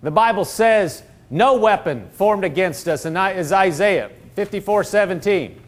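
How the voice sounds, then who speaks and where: A middle-aged pastor preaching a sermon in a fairly high voice. He quotes scripture and calls out to his congregation for answers. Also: animated, normal speed. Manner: preaching with call-and-response, quoting scripture.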